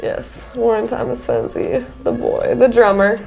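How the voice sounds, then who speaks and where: A woman's voice: fairly high pitch, fairly even intonation, measured pace, gravelly, darkish tone, faint music behind. A young woman musician, chatting casually in a studio interview with lots of "like" fillers and a playful manner. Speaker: musician, band singer. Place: studio with a green screen.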